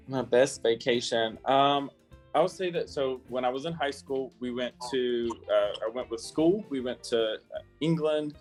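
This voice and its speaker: A man's voice: mid-range voice, a little slow, faint music behind. A man from South Carolina, a guest in a casual interview, talking chattily with lots of fillers and laughs. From South Carolina, USA.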